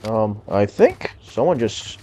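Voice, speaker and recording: A man's voice: on the low side, very animated, slow pace, warm tone, slight background noise. A man streaming a game live, with a voice that sounds like a cowboy, muttering and swearing to himself and slipping into drawled mock-dramatic lines. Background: game music.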